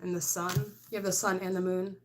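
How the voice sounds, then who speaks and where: A woman's voice: fairly low pitch, little pitch movement, brisk, slight background noise. A woman doing a casual tarot reading to camera, rambling and frank, full of "like" and "I don't know", with laughs mixed in. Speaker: tarot reader.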